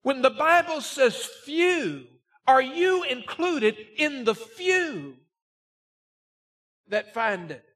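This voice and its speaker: High-voiced, slow, emphatic man preaching. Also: big pitch swings. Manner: slow, emphatic preaching that rises to shouts on key words; reads scripture aloud in old-fashioned wording. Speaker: pastor. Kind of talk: Sunday morning sermon.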